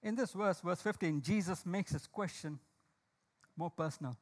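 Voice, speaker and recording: A man preaching a sermon. He puts questions to the congregation, calls on listeners by name and slows down to stress his key lines. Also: high voice. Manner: slow, emphatic delivery of key lines. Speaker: pastor.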